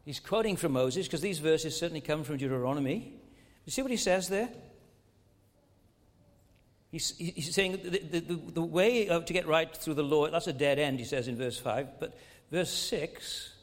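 High-voiced preacher in a reverberant hall. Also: male voice, normal speed. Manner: emphatic, rising and falling with many rhetorical questions. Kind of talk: sermon.

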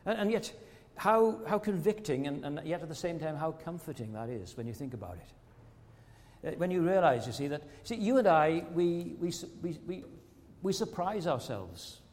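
A man's voice: fairly high pitch, lively intonation, moderate pace, darkish tone. Earnest male preacher in an echoing hall. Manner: earnest, with rhetorical questions and repeated words. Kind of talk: sermon.

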